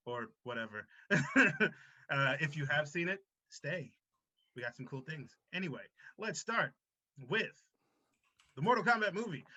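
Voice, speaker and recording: Bright, tense-voiced podcast host guy. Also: a little high. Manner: loose, joking intro with swearing. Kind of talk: casual podcast chat. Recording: dull lo-fi sound.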